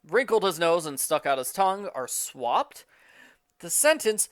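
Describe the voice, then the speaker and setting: A man briskly reading out a matter-of-fact list of changes made to a book. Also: fairly high pitch, very animated, fairly bright tone, no room sound, clean studio sound. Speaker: book reviewer listing edits.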